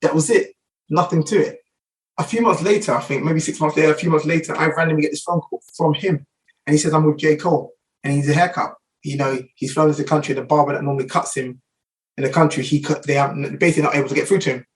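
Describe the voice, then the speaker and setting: A man's voice: fairly high pitch, fairly even intonation, recorded from a distance, rough recording. A middle-aged man with a London accent, a barber guest telling anecdotes in a casual interview, full of fillers and restarts. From England. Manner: rapid anecdotal, many fillers.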